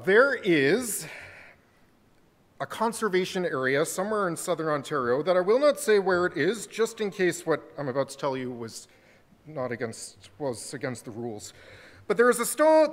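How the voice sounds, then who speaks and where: A man, a pastor giving a storytelling sermon in a church sanctuary. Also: sits high. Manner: storytelling, warm and conversational. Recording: church sanctuary with long reverb.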